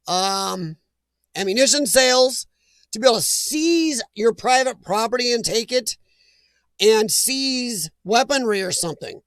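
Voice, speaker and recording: A man's voice: very high voice, fairly bright tone, smooth, no echo. A man hosting a casual livestream chat, reading viewer comments and giving blunt opinions with easy laughs. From Midwestern US. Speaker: livestream host.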